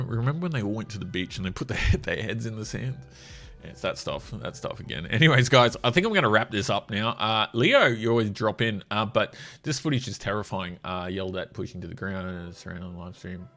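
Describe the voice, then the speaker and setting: A man's voice: lowish voice, fairly bright tone. A man giving sarcastic, mocking commentary while scrolling through a social media feed. He laughs often.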